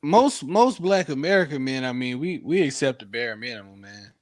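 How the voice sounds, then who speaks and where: A man's voice: mid-range voice, animated, normal speed, dry recording, studio quality. A man guest on a stream, chiming in casually with laid-back agreement. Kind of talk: casual chat.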